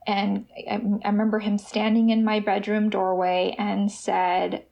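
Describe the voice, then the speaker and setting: A woman telling her personal recovery story as a podcast guest, emotional and halting, with restarts. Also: medium pitch, little pitch movement, vocal fry, lo-fi sound.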